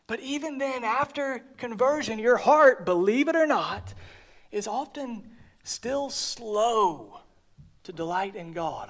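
A male preacher delivering a sermon, earnest, repeating key phrases and dropping to a near whisper at the ends of lines. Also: sits high.

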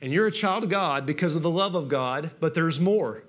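Southern male preacher, high tenor, impassioned, dips to a hush then builds up. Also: animated. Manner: impassioned, swings from hushed to loud, drawn-out emphasis. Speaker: pastor. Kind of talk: sermon.

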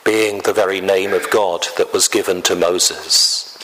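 A man preaching a sermon in a slow, deliberate way, often clearing his throat. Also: deep voice, steady tone, sharp tone, poor audio.

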